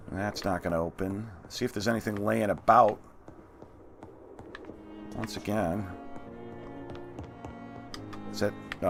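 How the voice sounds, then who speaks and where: A man's voice: fairly low pitch, gravelly. A man hosting a let's play, giving casual gameplay commentary with chatty, half-muttered asides.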